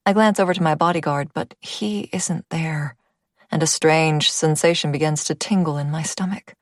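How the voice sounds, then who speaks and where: A woman's voice: sits low, a little slow, creaky, dry recording, studio quality. A woman reading a first-person audiobook, intimate in tone and dropping to a whisper at tense moments. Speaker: audiobook narrator.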